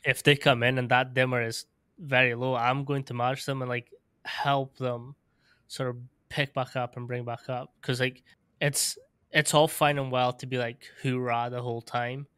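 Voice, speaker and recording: A man's voice: medium pitch, little pitch movement, moderate pace, fairly bright tone, smooth, no room sound, studio quality. A man hosting a podcast, speaking casually with lots of fillers and the odd swear word. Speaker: podcast host. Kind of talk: casual conversational interview.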